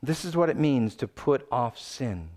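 A male pastor preaching a sermon, swinging between loud urgent pleading and low, quiet emphasis. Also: lively intonation, unhurried.

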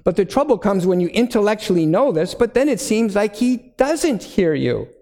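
A middle-aged man preaching a sermon, earnest and deliberate, slowing down to stress key words. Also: high-pitched, sing-song, darkish tone, in a large hall. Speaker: pastor.

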